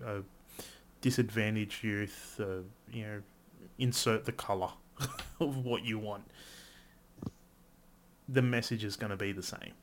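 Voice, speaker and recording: A man co-hosting a podcast in casual chat, animated and quick to swear, his voice jumping up when he gets excited. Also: on the low side. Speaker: podcast co-host.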